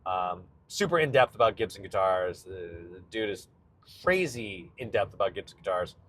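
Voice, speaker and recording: A man's voice: low voice, animated, moderate pace, a bit bright, a little hiss or hum. A male comedian hosting his own show, chatting casually and rambling about a film's guitar with nerdy enthusiasm, often cutting himself off mid-sentence. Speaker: comedian podcast host. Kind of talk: casual solo chat. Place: in a car on a road trip.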